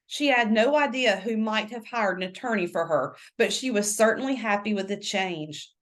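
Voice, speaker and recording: Expressive woman reading a novel. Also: mid-range voice, normal speed, few pauses. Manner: expressive storytelling. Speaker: book reader.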